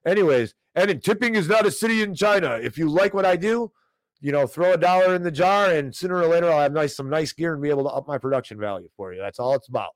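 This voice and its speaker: Male host, casual stream commentary, animated rants at the chat, dry mic. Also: fairly high pitch, quick pace, no echo. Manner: animated, ranting, talks straight to chat viewers. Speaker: host of a financial commentary show.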